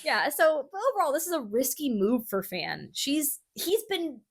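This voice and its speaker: A woman's voice: sits high, very animated, normal speed. A woman hosting a podcast, telling a history story in casual chat, swearing freely and filling gaps with "like" and "you know.". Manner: chatty, swears freely, many fillers.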